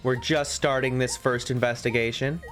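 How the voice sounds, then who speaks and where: A man's voice: medium pitch, fairly even intonation, moderate pace, fairly bright tone, faint music behind. A man chatting casually on a live stream as he reads a visual novel, rambling to his viewers. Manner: rambling, chatty asides to viewers, frequent laughs.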